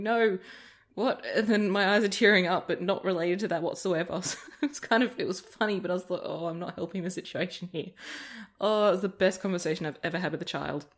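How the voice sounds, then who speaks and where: A woman chatting casually while playing a game, rambling through stories and laughing often. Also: lowish voice. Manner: rambling anecdotes with frequent laughter. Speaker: gaming video creator. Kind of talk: casual let's-play chat.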